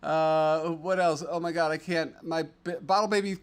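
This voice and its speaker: A man's voice: on the high side, steady tone, moderate pace, few pauses. A middle-aged man hosting a casual livestream, chatting and reading viewer comments aloud in an upbeat, rambling way with lots of fillers. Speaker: livestream host.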